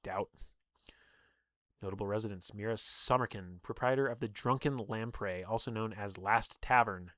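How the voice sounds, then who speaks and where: A man's voice: on the low side, moderate pace, a bit bright, no echo, clean studio sound. A young man casually reading through a game book on a livestream, breaking off for chatty asides and laughs.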